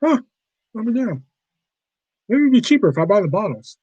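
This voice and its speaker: A man chatting on a casual livestream in a rambling way that is full of profanity and quick to get riled up. His voice sits a bit high for a man, and the sound is dry and close, with no room echo. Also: very animated, a little mellow, slightly rough, highs cut off. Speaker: livestream host.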